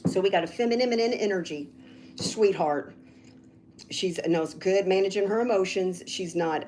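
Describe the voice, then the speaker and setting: A woman reading tarot cards on a casual livestream, rambling and getting loud when she's excited. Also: medium pitch, moderate pace, slight background noise. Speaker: tarot reader.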